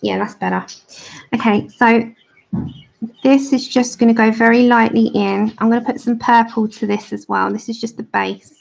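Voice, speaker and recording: An English woman with a raised pitch and a gravelly edge chats casually to her viewers, explaining as she goes. The sound is dull and lo-fi, like a home livestream picked up on a basic mic. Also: steady tone, normal speed. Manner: chatty, explains as she works. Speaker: livestream host. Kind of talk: casual chat while colouring.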